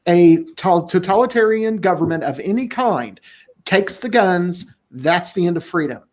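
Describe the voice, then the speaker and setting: A man hosting a casual podcast discussion, talking in a blunt, profane and animated way. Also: sits high, normal speed. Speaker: podcast host.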